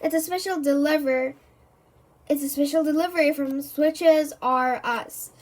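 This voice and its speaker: A woman's voice: high voice, measured pace, low-quality recording. A woman reading aloud as a cheerful, chatty postman from a children's storybook, with a rambling, friendly delivery.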